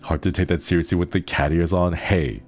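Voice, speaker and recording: A man's voice: low voice, fairly even intonation, fairly quick, a little mellow, soft background music. A man streaming casual chat with viewers, playful and rambling, often laughing.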